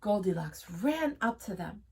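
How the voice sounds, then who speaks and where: Expressive woman teacher reading aloud. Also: medium pitch, husky. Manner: expressive, with gasps and pauses. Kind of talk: reading a storybook to children. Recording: voice from a distance.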